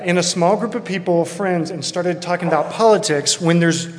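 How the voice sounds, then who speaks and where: A man's voice: a little high, long reverb tail. A man from Texas, preaching as a pastor and telling a personal story in an earnest, reflective way. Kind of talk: sermon.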